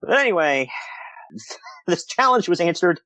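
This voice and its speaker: A man's voice: sits high, sing-song, a little slow, pushed and bright, no room sound. A man co-hosting a casual podcast review, rambling and laughing often as he retells things. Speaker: podcast co-host.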